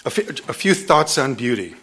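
Animated man telling an author's story. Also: mid-range voice, moderate pace, husky. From Detroit, USA. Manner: storytelling, animated with laughter, many restarts. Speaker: author giving a talk. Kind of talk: public book talk.

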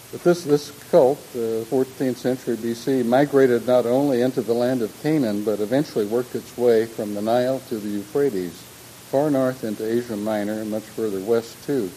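A man's voice: lowish voice, mellow, slight background noise, poor audio. An older man speaking in a thoughtful, lecture-like way, with frequent restarts and personal asides. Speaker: speaker on humor and religion. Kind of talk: reflective lecture-style talk.

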